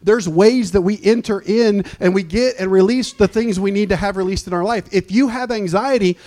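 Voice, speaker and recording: A man with a high-pitched voice preaches a sermon. He talks in an emphatic call-and-response manner, firing questions at his listeners and pressing each point home. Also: moderate pace, dark tone. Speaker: pastor.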